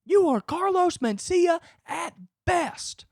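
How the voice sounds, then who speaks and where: A red-faced football coach screams down at a slacking player, as a man puts him on. The voice jumps way up high and keeps shouting without letup. The sound is dry and close. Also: expressive, takes it slowly, creaky, no echo, exaggerated voice. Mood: yelling, berating. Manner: shouting, berating, drill-sergeant harangue. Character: furious male football coach yelling at a player.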